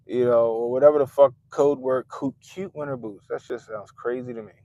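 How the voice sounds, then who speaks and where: A man hosting a profane political commentary rant, mocking and animated, with sudden loud jumps and muttered asides. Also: mid-range voice, fast, hardly any pauses, no room sound. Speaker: commentary channel host.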